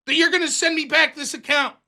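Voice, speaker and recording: A man's voice: very high voice, fairly even intonation, quick pace, bright, forceful tone. A man hosting a livestream show, telling a story casually, acting out both sides of the dialogue in a profane, self-mocking way.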